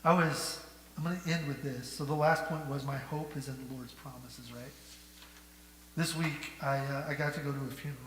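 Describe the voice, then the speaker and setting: A male pastor preaching a sermon, asking the congregation rhetorical questions and moving between hushed and loud delivery. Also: mid-range voice, fairly even intonation, normal speed. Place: church sanctuary. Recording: echoey church hall with faint hum.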